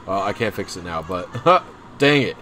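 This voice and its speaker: Young guy on stream, kinda low voice, rambles and roasts himself a lot. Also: big pitch swings, measured pace, pushed and bright, faint music behind. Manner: rambling and self-deprecating. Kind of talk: casual livestream chat.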